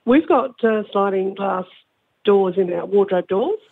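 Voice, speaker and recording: A woman's voice: mid-range voice, unhurried. An older woman calling in to a radio show, gossipy and exasperated as she talks. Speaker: caller. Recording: phone line, raspy.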